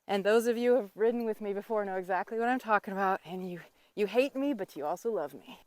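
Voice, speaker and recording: A woman's voice: medium pitch, fast talker, dry recording. A woman riding instructor teaching while she rides a horse outdoors in the wind, coaching in a teasing, encouraging way.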